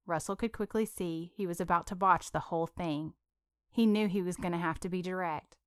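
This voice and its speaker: A woman's voice: lowish voice, normal speed, clear, resonant tone, no room sound, studio quality. Woman narrating a romance audiobook.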